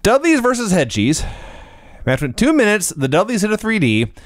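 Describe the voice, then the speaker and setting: A man's voice: sits high, wildly swooping pitch, moderate pace, no room sound, clean studio sound. A man co-hosting a podcast, recapping wrestling from his notes in a matter-of-fact casual way. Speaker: podcast co-host.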